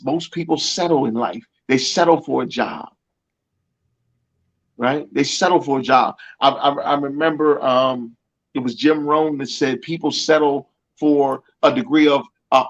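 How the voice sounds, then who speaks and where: A man's voice: on the high side, rough recording. A middle-aged male coach speaking in an interview, emphatic and repetitive with a preacher-like cadence and many restarts. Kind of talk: motivational interview talk.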